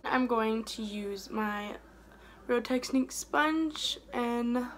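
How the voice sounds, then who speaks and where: A young woman chatting casually while doing her makeup for a beauty vlog, rambling and trailing off softly mid-thought. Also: on the high side, takes it slowly, slight background noise. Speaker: beauty vlogger. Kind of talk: casual get-ready-with-me chat.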